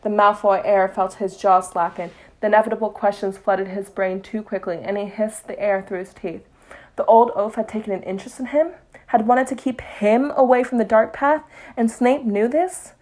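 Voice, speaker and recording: A young woman casually reading a story aloud in soft, quiet narration, with occasional slips. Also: mid-range voice, steady tone, normal speed. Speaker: fanfiction reader.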